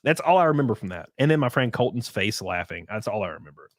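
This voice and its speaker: A man's voice: fairly low pitch, quick pace, no echo, studio quality. Rambling young man telling a story. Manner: rambling storytelling with many likes and restarts, bursts of excitement. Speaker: podcast guest. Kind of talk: casual podcast chat.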